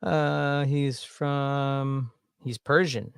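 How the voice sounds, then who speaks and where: A man with a thick Southern drawl chats his way through a watch-along, wandering from thought to thought. His tone is offhand and filler-heavy, with frequent laughter. The voice sits at an ordinary male pitch, recorded close and dry. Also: a little slow, fairly bright tone, dry recording. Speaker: streamer reacting to videos. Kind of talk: casual watch-along commentary.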